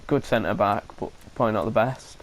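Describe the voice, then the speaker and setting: A man's voice: on the low side, brisk, poor audio. A man, thinking aloud as he commentates his gameplay, hesitant and full of restarts, with an occasional cough. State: coughing now and then. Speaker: gaming commentator.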